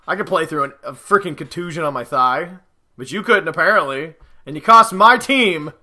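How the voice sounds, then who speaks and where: A man's voice: on the high side, sharp tone. A man casually rambling through his football picks, joking and sarcastically trash-talking players and teams. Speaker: podcast host giving football predictions.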